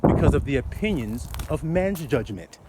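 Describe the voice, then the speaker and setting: A man preaching loosely and profanely outdoors, swinging from muttering to loud outbursts. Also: mid-range voice, big pitch swings, normal speed, slight background noise. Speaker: street preacher.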